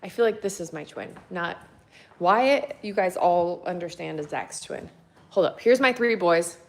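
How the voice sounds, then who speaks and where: Speaking from her home kitchen, this thirty-something mom of three boys has a lowish voice and an animated yet unhurried delivery. She rambles casually to viewers through a phone mic while doing chores, with frequent laughter.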